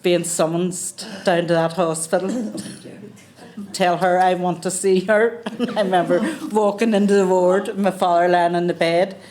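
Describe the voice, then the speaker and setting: A woman's voice: lowish voice, steady tone, normal speed, a little mellow. A woman with a Northern Irish accent who reminisces on a podcast and laughs often while she tells the story. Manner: laughing storyteller, acts out quotes. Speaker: carer sharing memories.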